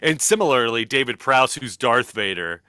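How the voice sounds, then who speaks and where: An animated man co-hosting a podcast, trading loose banter and tossing in quick comic voices. His pitch bounces around a lot and his tone is bright and forward. The sound is close and dry. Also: clear, resonant tone, dry recording. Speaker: podcast co-host. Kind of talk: casual chat.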